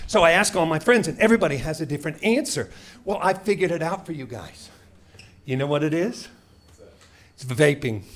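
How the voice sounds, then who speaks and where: A middle-aged man from Seattle doing a stand-up set, brash and mock-indignant, firing off punchy rhetorical questions. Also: a little high. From Seattle, USA. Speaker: stand-up comedian. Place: comedy club stage before a live audience. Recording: loud crowd laughter and room noise.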